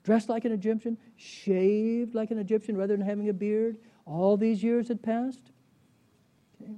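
Delivering a sermon at a moderate pace, this male Bible teacher has a high yet richly mellow, dark voice. He tells stories with animation, poses rhetorical questions to the audience, and chuckles now and then.

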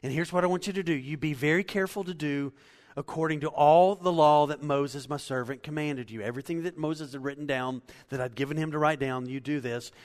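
A man's voice: on the high side, a little fast, few pauses, long reverb tail. A man in his forties preaching a conversational sermon as pastor, talking easily and personally. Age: 40s. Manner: conversational, laughing asides.

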